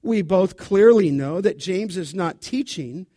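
Man, pastor, expository sermon, high voice, intense, emphatic delivery. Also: expressive, measured pace, mellow, dry recording, studio quality. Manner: intense, emphatic, addresses the congregation directly. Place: church sanctuary.

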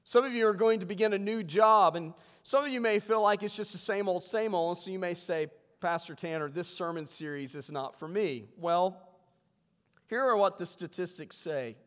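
Male pastor, slightly higher voice, relaxed humorous sermon delivery, reverberant church hall. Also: clear, resonant tone. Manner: humorous, conversational preaching with slow emphatic scripture reading. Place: church sanctuary.

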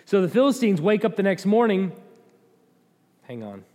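A man with a fairly high voice teaches a Bible lesson in a relaxed, conversational way. He talks with restarts and drops in dry asides, and his voice rings out with a long reverb, as if in a large hall. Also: fast talker.

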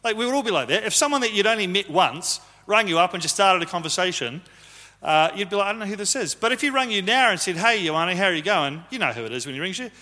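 A pastor, likely male, talks fast in a high, expressive, sharp voice, delivering a conversational sermon and teasing his church. It's a live recording in a church hall with long reverb.

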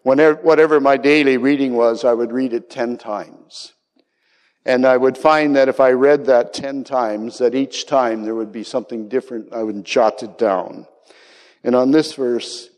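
A man's voice: medium pitch, measured pace. A man preaching a sermon with passion, his voice climbing into cries on key words. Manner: impassioned, rising to cries on quoted words. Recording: long hall reverb.

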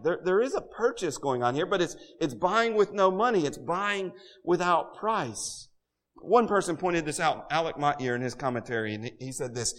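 A man's voice: medium pitch, long reverb tail. A man preaching an earnest, conversational sermon to a congregation in a church, building to emphatic peaks. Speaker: pastor.

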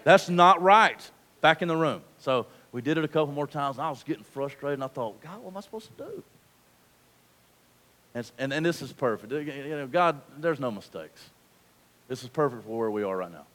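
A man in his thirties preaching a sermon, telling a family story and building to loud, fervent preaching. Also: mid-range voice, brisk. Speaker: pastor. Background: guitar music.

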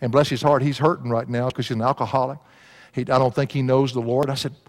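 A man's voice: mid-range voice, steady tone, fast talker. A man preaching a sermon, folksy and laughing at his own stories. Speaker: pastor. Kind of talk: sermon with storytelling. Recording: long hall reverb.

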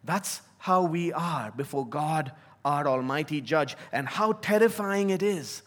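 A man preaching a sermon as a pastor, earnest and emphatic, slowing down to stress key words. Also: on the high side, lively intonation, a bit bright.

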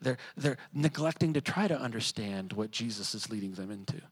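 A man preaching a sermon in a conversational way, sometimes quiet and reflective, sometimes rising to emphatic. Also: lowish voice, lively intonation, a little fast, breathy edge, rough recording. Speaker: pastor.

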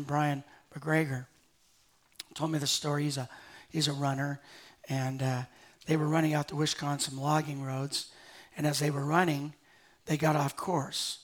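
An older man, a pastor, preaches to a live congregation, his fairly high voice shifting between quiet, slowed passages and loud, urgent appeals.

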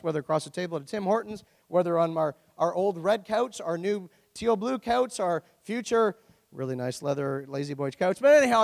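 Man preaching, high voice, gravelly edge, long reverb of a church hall, chatty rhetorical style. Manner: conversational preaching with rhetorical questions and humour. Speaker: pastor. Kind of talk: sermon.

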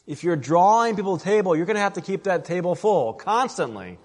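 A man's voice: high-pitched, lively intonation, quick pace. Earnest male preacher in a reverberant hall. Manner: earnest, emphatic, addresses listeners as friends. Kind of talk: expository sermon.

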